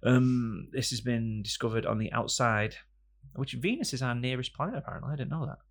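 A man's voice: medium pitch, a little fast. A young man hosting a podcast, telling jokey rambling stories with lots of fillers in casual banter. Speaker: podcast co-host.

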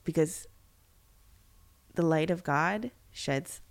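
A young woman with a fairly low voice talks in a candid, reflective way on a faith podcast. She thinks aloud and fills her sentences with "like" and "um." Her tone is earnest and personal. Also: takes it slowly. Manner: earnest, reflective, many fillers and restarts. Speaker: podcast co-host.

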